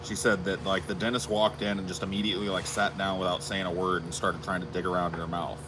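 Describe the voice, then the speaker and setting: A man's voice: sits low, flat delivery, quick pace, noisy background. A man co-hosting a podcast, telling a long anecdote in casual chat with crude asides. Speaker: podcast co-host.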